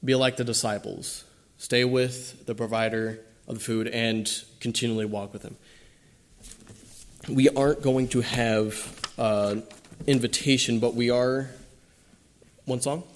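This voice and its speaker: Halting young man giving a sermon. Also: medium pitch, steady tone, a little hiss or hum. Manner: halting, many fillers and restarts. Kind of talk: informal sermon and prayer.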